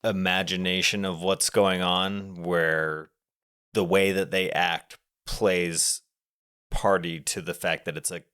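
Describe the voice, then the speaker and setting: A young man co-hosting a casual movie podcast, describing shots in long, relaxed run-on sentences. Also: sits low, takes it slowly, clear, resonant tone. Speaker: podcast co-host. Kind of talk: casual movie review chat.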